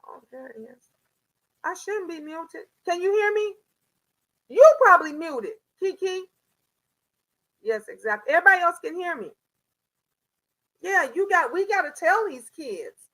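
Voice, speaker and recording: High-voiced older woman scolding on a livestream. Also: unhurried, pauses often, low-quality recording. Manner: animated, scolding, slangy storytelling. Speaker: live-stream host. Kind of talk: live-stream chat with viewers.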